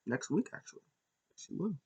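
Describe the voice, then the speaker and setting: A man's voice: normal speed, mellow, lo-fi sound. A man hosting a casual recap show. He rambles with lots of fillers and restarts, and he sounds like an enthusiastic fan. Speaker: podcast host.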